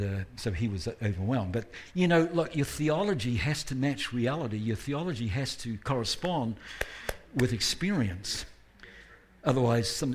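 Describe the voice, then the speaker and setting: A guest preacher at a church service delivers his sermon in a husky, somewhat breathy voice of medium pitch and darkish tone. He stays conversational, drops in self-deprecating asides, and raises his voice when driving a point home.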